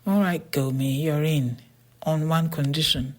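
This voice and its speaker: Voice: mid-range voice, fairly even intonation, measured pace, close to an everyday voice. An audiobook narrator voicing a boy twin who leads his friends and bargains firmly. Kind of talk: storybook character voice.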